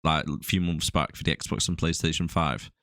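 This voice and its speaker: A man's voice: rumbling low, steady tone, normal speed, a bit bright, no room sound, studio quality. A man co-hosting a casual movie review podcast, easygoing as he shares trivia. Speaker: podcast co-host.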